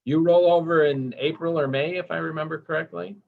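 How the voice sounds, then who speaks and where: A workshop instructor with a slightly high, steady voice and vocal fry speaks briskly in a casual training lecture. He's enthusiastic and chatty, quizzing the class as he goes, on a dull lo-fi recording.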